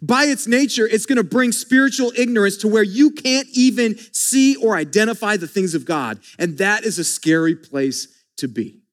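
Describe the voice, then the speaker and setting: High-voiced man preaching conversationally. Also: normal speed, hardly any pauses. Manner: conversational, emphatic preaching with frequent restarts and rhetorical questions. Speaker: pastor. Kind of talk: sermon.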